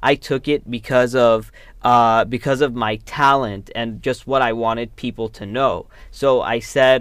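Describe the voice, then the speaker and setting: A young adult man hosting a college radio show, giving his opinions in a halting way, with many repeated words and tangents. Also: medium pitch, steady tone, a bit bright, smooth, no room sound. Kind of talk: solo opinion talk on radio.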